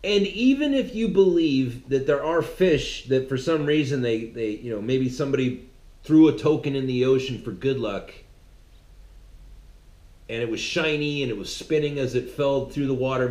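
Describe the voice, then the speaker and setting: A man's voice: mid-range voice, normal speed, darkish tone. A man delivering a sermon-like monologue in a mocking, conversational way. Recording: roomy echo.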